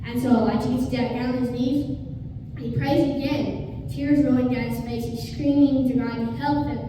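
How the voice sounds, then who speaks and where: A woman's voice: a little high, fairly even intonation, normal speed, background noise. A woman preacher delivering an earnest sermon, retelling a scripture story dramatically and acting out its voices. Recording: echoey hall from far off.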